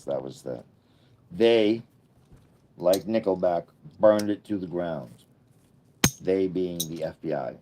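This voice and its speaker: A man's voice: rumbling low, warm tone. A man in his fifties chatting casually on a livestream, rambling through jokey asides as he reads and answers comments. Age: 50s. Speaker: livestream host.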